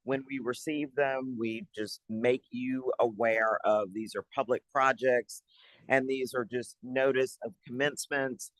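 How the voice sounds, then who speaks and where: A man's voice: mid-range voice, fairly even intonation, a little slow, fairly bright tone, dry recording, rough recording. Chatty man giving a meeting update. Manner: chatty, upbeat, stops mid-sentence to find papers. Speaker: city economic development staff presenter. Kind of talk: public board meeting update. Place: city meeting room.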